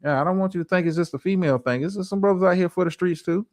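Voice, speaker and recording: A man's voice: high-pitched, racing, darkish tone, no echo, studio quality. A man hosting a livestream, reacting to a clip with profane, stammering, preachy relationship advice. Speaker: streamer host.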